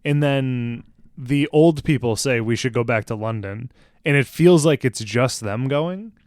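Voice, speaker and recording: A man's voice: mid-range voice, a little mellow, no room sound, clean studio sound. A man co-hosting a podcast, joking and laughing as he chimes into a casual film discussion. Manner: jokey, quick to laugh, chimes in. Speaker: podcast co-host.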